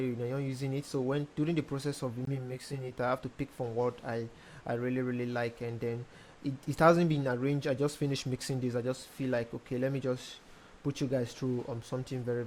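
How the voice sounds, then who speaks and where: A young man, a music producer casually talking through a tutorial step by step, pausing often with ums. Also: mid-range voice, a little hiss or hum. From Nigeria. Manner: relaxed, hesitant with frequent ums, explains step by step. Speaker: music producer teaching mixing. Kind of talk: casual screen-recorded tutorial.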